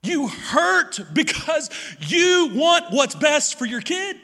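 A middle-aged man, a pastor preaching a sermon. He tells a personal story with many repeated words and restarts, moving between hushed and loud passages. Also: extremely high pitch, lively intonation, takes it slowly. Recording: long hall reverb.

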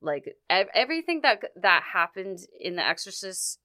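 A woman telling a personal story in casual conversation, halting often, with many fillers and restarts. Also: mid-range voice, sing-song, sharp tone, dry recording. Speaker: guest recounting a personal story.

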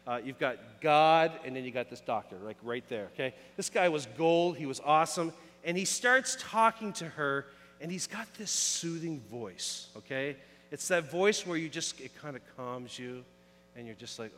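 A man's voice: high-pitched, bright, forceful tone. A man in his thirties preaching a casual sermon, telling stories and asking the congregation questions. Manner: casual storytelling with audience questions. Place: church sanctuary. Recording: echoey hall.

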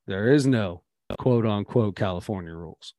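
A man co-hosting a podcast, telling stories in a casual, animated chat. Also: on the low side, dry recording, studio quality. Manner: storytelling, animated, quick asides. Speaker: podcast co-host.

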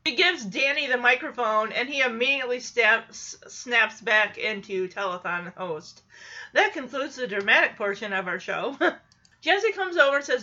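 A woman's voice: a little high, expressive, unhurried, sharp tone, dull audio. A woman recapping a show in casual chat, chatty and giggly, animating her retelling.

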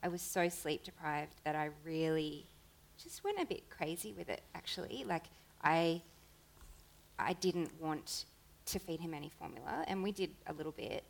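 A woman's voice: lowish voice, vocal fry, poor audio. A woman, an interview guest, talking earnestly in casual chat with long run-on sentences.

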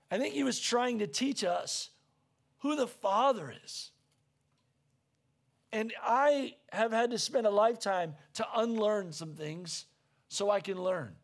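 A man preaching a sermon as pastor, earnest and conversational, repeating himself as he searches for words and rising near a shout when stirred. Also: very high-pitched, gravelly.

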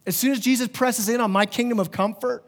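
A man's voice: extremely high pitch, steady tone, quick pace. A man preaching a sermon as pastor, earnest and conversational, with vivid everyday examples. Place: church sanctuary. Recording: long reverb of a large church hall.

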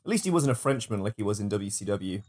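A man's voice: on the low side, lively intonation, quick pace, a little mellow. A man co-hosting a podcast, joking and laughing through casual chat. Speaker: podcast co-host.

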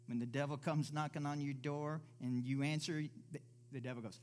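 A man's voice: medium pitch, fairly quick, slight background noise. A man preaching a sermon in a church service, emphatic, firing off rhetorical questions and acting out the voices he quotes.

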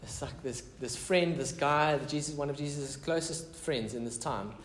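A man's voice: on the high side, moderate pace, slight background noise. Man, pastor, casual conversational sermon, chatty asides, echoey room, faint background ambience.

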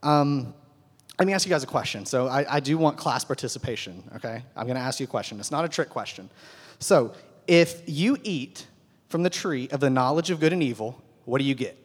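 In a hall with long reverb, a man teaches a conversational Bible lesson to a group, often checking in and repeatedly asking "right?". His voice is medium-pitched, expressive, and slightly rough, and he speaks fairly quickly.

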